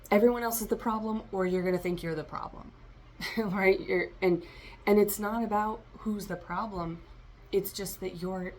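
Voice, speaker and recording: A woman's voice: lowish voice, a little hiss or hum. A woman giving a rambling, free-associating tarot reading for a vlog, talking straight to her listeners. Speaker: tarot reader.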